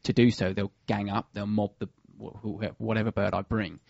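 A man's voice: fairly low pitch, flat delivery, normal speed, creaky, darkish tone, no echo, muffled recording. A man who works as a bird of prey pest controller, talking casually and hesitantly with many fillers and restarts. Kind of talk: casual radio chat.

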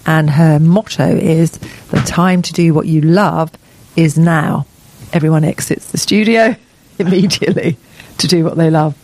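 A woman's voice: low voice, measured pace, darkish tone. A woman co-hosting a radio show from a studio, chatting in a rambling, gossipy way with lots of asides. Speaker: radio co-host. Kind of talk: casual studio chat. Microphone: studio mic with headphones.

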